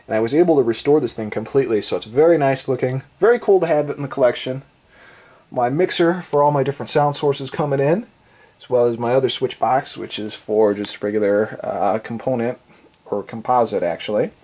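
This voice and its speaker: A man with a medium-pitched, darkish, stuffy voice casually gives an off-the-cuff tour of his game collection. Congested and breathing heavily from allergies, he rambles with lots of fillers and sounds enthusiastic about his gear.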